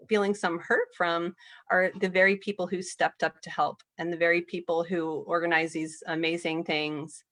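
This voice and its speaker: Soft-spoken earnest woman guest. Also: on the low side. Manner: earnest, laughs softly while retelling. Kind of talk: casual podcast conversation.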